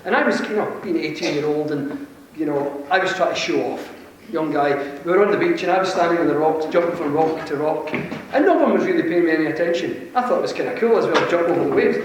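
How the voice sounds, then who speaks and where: A Scottish man with a Glasgow accent telling an animated, self-deprecating story to a conference audience, chuckling often. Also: fairly high pitch, quick pace, few pauses. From Scotland. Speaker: conference speaker. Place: large conference hall. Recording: very echoey hall, mic far off, faint hiss.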